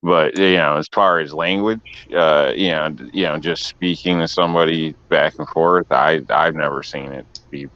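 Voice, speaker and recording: Extremely deep, smooth-voiced man. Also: fairly even intonation, dry recording. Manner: measured, explains with many you-knows. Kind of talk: casual chat. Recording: dry, dull sound.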